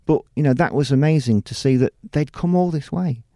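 Rambling middle-aged British man, mellow voice. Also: medium pitch, a little fast, no echo, studio quality. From United Kingdom. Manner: rambling, many restarts and "you know"s. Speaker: TV presenter and producer. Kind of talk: casual interview talk.

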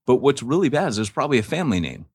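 A man co-hosting a podcast, telling jokey stories in casual banter with an animated, playful manner. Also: mid-range voice, rapid-fire, breathy edge, no room sound, clean studio sound. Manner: animated joking storyteller. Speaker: podcast co-host.

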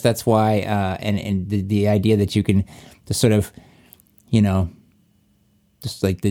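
Low-voiced man in frank casual chat. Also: a little mellow. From Virginia. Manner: rambling, many restarts, frank and profane.

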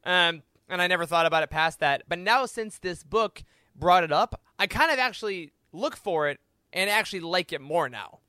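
A man's voice: high-pitched, animated, moderate pace, pushed and bright, clear, resonant tone, dry recording, studio quality. A young man co-hosting a podcast, chatting casually and enthusiastically. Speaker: podcast co-host. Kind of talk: casual chat.

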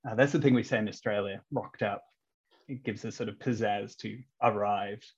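A man's voice: on the low side, fairly even intonation, moderate pace, husky. An English-born man, a comedian guest on a podcast, rambling in casual chat with many ums and chuckles. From England. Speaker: comedian and street performer, guest. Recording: dull lo-fi sound.

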